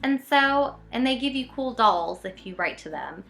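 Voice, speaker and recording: Casting: young woman vlogger, chatty, self-mocking storyteller, bright, slightly high voice, faint music underneath. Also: expressive, moderate pace, creaky. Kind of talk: casual storytelling vlog.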